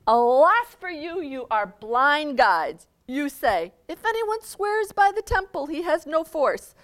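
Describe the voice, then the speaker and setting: A woman reading aloud the words of an angry, grieving male prophet, scolding loudly and then lamenting quietly. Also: medium pitch, sing-song, takes it slowly. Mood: furious scolding.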